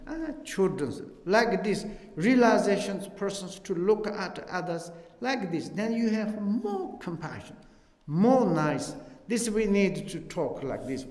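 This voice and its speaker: A man's voice: high-pitched, expressive, a little mellow. Tibetan-accented man teaching in an echoey hall. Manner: halting, broken English with many fillers. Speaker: Buddhist teacher. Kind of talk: dharma teaching. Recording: echoey hall with long reverb.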